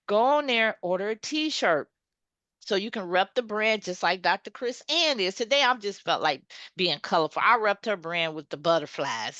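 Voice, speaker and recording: A woman's voice: fairly high pitch, dry recording. A woman with a Southern US accent hosting an interview show, chatty and playful, talking to her listeners. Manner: lively, playful, chatty, addresses listeners as y'all. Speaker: podcast host. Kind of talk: casual interview chat.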